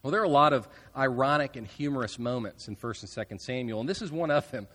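A man preaching a sermon, earnest with casual asides, trailing off softly at the ends of phrases. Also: medium pitch, fast, in a large hall. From United States. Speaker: pastor.

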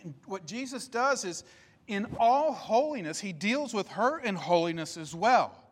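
A man delivers a sermon from the pulpit of a church sanctuary, his fairly high voice rising and falling in an emphatic, repeating cadence. He speaks slowly and leaves dramatic pauses between phrases. The sound carries a long, reverberant hall tail. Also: sing-song. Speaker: pastor.

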